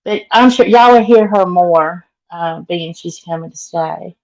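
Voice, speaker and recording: A woman's voice: on the low side, a little slow, a little mellow, poor audio. A middle-aged woman with a Southern accent, chatting casually with live viewers and greeting them by name. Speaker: vlogger.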